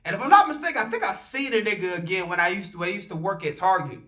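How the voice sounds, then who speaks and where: Young male vlogger, high and bright, animated and profane with loose slang. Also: racing. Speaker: vlogger telling a story. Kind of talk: casual storytime.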